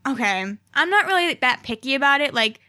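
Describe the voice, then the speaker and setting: A young woman, a guest cosplayer in a casual podcast interview, chatty and animated, acting out what fans say to her. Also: high-pitched, fairly quick.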